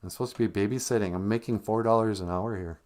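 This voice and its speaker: A man voicing a bratty, indignant teenage girl babysitter with a whiny, rushed complaint. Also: lowish voice, darkish tone, close to an everyday voice.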